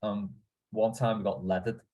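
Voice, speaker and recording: A man's voice: on the low side, level tone, moderate pace, dark tone. A man hosting a casual football podcast, reading out listener questions and laughing along with his guests. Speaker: podcast host.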